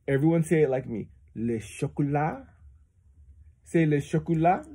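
A man's voice: a little high, quick pace, mellow, slightly rough. A man at home patiently teaching his child simple French phrases, repeating each one for the child to copy. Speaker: father teaching his kids. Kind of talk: casual home French lesson.

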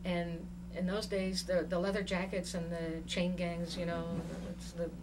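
An older woman from Tanganyika recalls her family in an oral history interview, spinning her memories out as an animated story and often laughing as she talks. She sits some way back from the microphone, and a faint hiss runs under her voice. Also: fairly low pitch, measured pace. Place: museum interview room. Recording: distant mic with faint background noise.

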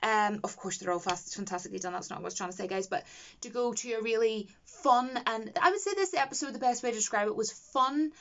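A woman's voice: a little high, quick pace, fairly bright tone, highs cut off. A young woman, reviewing a TV episode in a casual, enthusiastic and rambling way. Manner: enthusiastic, rambling, gushing with praise.

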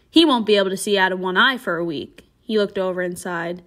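A woman, a middle school English teacher, reading a novel aloud to her class with expressive storybook delivery. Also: mid-range voice, fairly quick, hardly any pauses.

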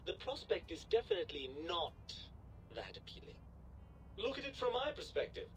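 A man's voice: sits high, big pitch swings, normal speed, slight background noise, low-quality recording. A man voicing a pompous, sarcastic disembodied brain in a jar that talks down to its owner in a video game. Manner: sarcastic, fussy and condescending.

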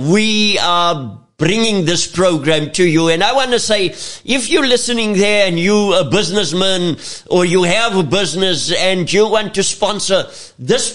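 Male radio host, unhurried delivery, lots of ums and repeats, slightly high voice. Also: fairly bright tone. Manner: halting, repeats words and fillers, affirms often. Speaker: radio talk show host. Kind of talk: community radio interview.

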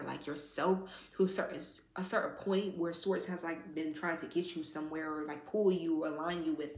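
Woman, tarot reader; chatty and filler-heavy, speaks earnestly to her viewers; room echo. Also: on the low side. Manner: rambling, filler-heavy, heartfelt, says "like" constantly. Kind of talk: casual spiritual card reading. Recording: echoey room.

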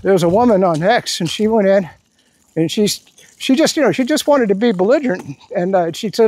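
A man's voice: high voice, expressive, fairly quick, a little mellow. A man giving a rambling, indignant political rant while out walking his dog, restarting his sentences often. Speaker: political commentary vlogger. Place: outdoors.

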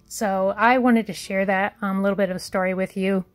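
A woman's voice: mid-range voice, lively intonation, moderate pace, few pauses, no echo, soft background music. A woman from Indiana, chatting casually to viewers as a vlogger and telling a story in a folksy way. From Indiana, USA. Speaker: shopping haul vlogger. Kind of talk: casual vlog chat and story time.

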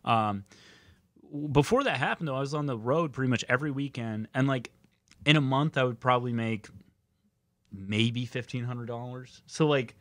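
A man's voice: medium pitch, moderate pace, no echo. A man, a stand-up comic, rambling through stories in a casual podcast chat, swearing often. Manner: rambling animated storyteller, swears freely.

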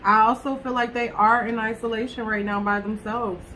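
A woman's voice: fairly high pitch, fairly even intonation, normal speed, sharp tone, slight background noise. A woman reading tarot cards to camera in a chatty way, talking straight to her viewers and swearing casually. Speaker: tarot reader.

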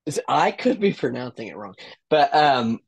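A man hosting a podcast, talking in a relaxed, conversational way on a video call. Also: medium pitch, normal speed, vocal fry, husky, muffled recording. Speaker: podcast host. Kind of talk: casual chat.

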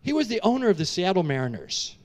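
A middle-aged male pastor preaching a sermon as a story, animated and emotional, with casual asides to the congregation. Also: sits high, quick pace.

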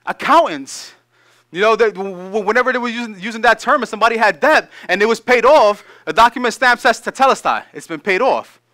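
Bright-voiced preacher man, high and lively. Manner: reads scripture slowly then explains in lively casual asides. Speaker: pastor. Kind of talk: sermon.

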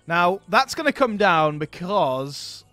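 A man hosting a strategy game let's play, chatting casually and thinking aloud, getting excited over his battles. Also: high-pitched, slow pace, soft background music. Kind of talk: casual gameplay commentary.

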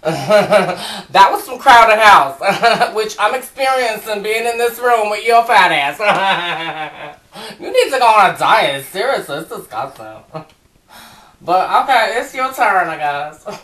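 A woman's voice: medium pitch, animated, slow, a bit bright. A woman hosting a channel, trading sassy, teasing insults in a comedy sing-off and laughing often. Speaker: channel host.

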